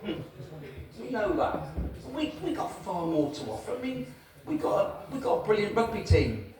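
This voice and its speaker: A man's voice: sits high, big pitch swings, normal speed, a crowd in the background. A man with a Gloucestershire accent doing a stand-up comedy set, crude and self-mocking, recorded from far off in an echoey small venue with the audience audible. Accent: Gloucestershire English. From England.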